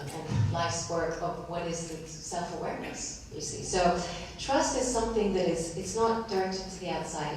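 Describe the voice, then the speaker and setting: Woman, reflective panel speaker, low-pitched, distant mic, faint background noise. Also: a little mellow. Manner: reflective, searching for words. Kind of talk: panel discussion. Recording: echoey room, from far off.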